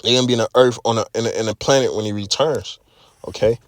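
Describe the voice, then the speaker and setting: Speaking fast with fairly even intonation, a man in the mid-range tells his religious testimony casually over clean, echo-free studio audio. He curses, says things twice, and keeps dropping "you know," "man," and "okay."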